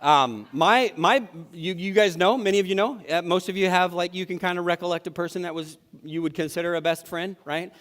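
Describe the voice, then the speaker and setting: A man preaching to his congregation with a slightly high voice and a relaxed, self-deprecating storytelling manner. The sound carries a long church-hall reverb. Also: fairly quick, few pauses. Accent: Upper Midwest American. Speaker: pastor. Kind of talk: sermon. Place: church sanctuary.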